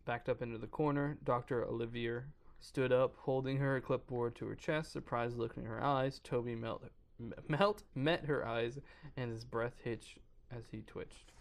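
A man's voice: mid-range voice, steady tone, measured pace, creaky. A man on a podcast casually reading a creepypasta aloud, stumbling over words and breaking off to joke. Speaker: podcast co-host reading a horror story.

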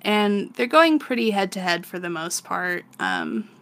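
A woman's voice: medium pitch, lively intonation, a little slow, a bit bright. A young woman co-hosting a podcast, chatting casually through a story recap, laughing often and saying "like" a lot. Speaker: podcast co-host.

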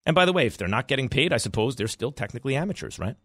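A man from New York hosting a sports talk radio show, rambling in an animated way with quick asides. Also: mid-range voice, no room sound, studio quality.

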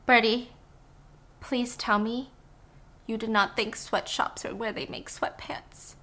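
A woman retelling a movie plot in a casual, animated way. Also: fairly high pitch, slow. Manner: animated storytelling. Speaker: podcast host.

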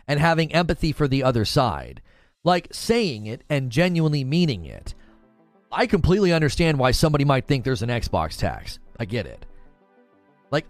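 A man's voice: a little high, dry recording. A young adult man hosting a gaming news show, talking casually and animatedly on a livestream and answering chat.

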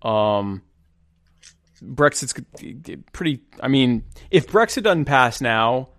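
Man co-host, mid-pitched, rambling casual delivery, dry close sound. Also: very animated, takes it slowly, a bit bright, dry recording. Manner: rambling, chuckling, restarts often. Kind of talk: casual political chat.

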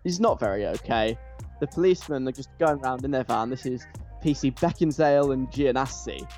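A man talks in a loose, casual way, piling on enthusiasm and tripping over his own restarts. His pitch sits right in the middle for a man. Faint music plays quietly behind him. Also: fairly quick. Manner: animated, gushing, with frequent restarts.

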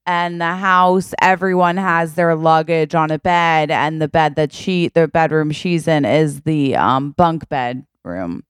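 A woman's voice: deep voice, unhurried, hardly any pauses, clean tone, dry recording, studio quality. Giggly woman improvising a story. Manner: giggly, playful. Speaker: podcast co-host.

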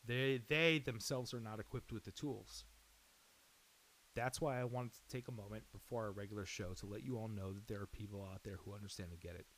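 A man's voice: fairly low pitch, a little fast, fairly bright tone, slight background noise, poor audio. Earnest man reading a caring announcement. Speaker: podcast host. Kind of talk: scripted announcement.

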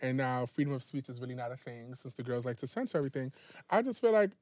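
Young dude on a podcast, talks quick and blunt, kinda high voice, dry close mic. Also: male voice, big pitch swings, a little mellow, no echo. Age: 20s. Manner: fast, blunt, slangy talk. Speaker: podcast co-host. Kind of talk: casual chat.

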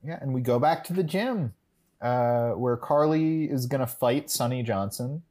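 A man's voice: medium pitch, a little slow, darkish tone. Wry man recapping an episode. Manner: rambling, self-correcting, wry. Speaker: podcast co-host. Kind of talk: casual recap chat.

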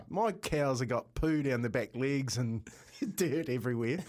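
A man's voice: fairly high pitch, normal speed. Laughing New Zealand man telling yarns. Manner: animated storyteller, laughs often, calls people mate. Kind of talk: casual chat, anecdote.

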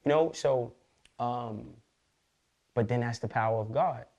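A man speaking as a podcast guest, his words rushing out in quick, loose street slang laced with swearing. His pitch sits in an ordinary middle range. He tells his story candidly and unguarded. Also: darkish tone, dull audio. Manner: fast, slangy, profane street talk.

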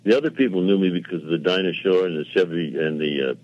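A man's voice: deep voice, fast, slight background noise. Older man telling anecdotes on dull radio audio. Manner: rambling anecdotes with quoted dialogue and self-mocking asides. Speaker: television producer, guest. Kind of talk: casual interview storytelling.

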